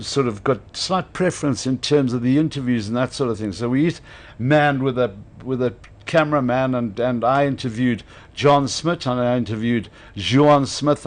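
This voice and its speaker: Man telling a lively story. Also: mid-range voice. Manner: animated anecdote teller, laughs often. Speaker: radio host. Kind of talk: casual storytelling chat.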